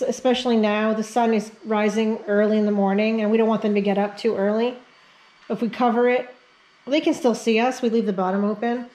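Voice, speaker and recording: A middle-aged home vlogger from New York's Catskills region casually tours her house, chatting with viewers from room to room. Her voice is medium-pitched with a darkish tone, and the recording is rough. She's talkative and speaks to her dogs in baby-talk.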